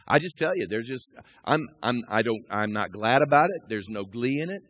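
A man in his sixties preaching a sermon, talking through scripture and personal stories and building to loud, rising peaks. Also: medium pitch, expressive, moderate pace. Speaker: pastor.

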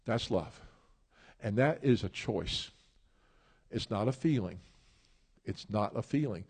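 A man preaching a sermon, emphatic and repetitive, rising to loud peaks and dropping low, with some stumbles and restarts. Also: expressive, slow, vocal fry, slightly rough. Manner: repeats phrases, stumbles and restarts.

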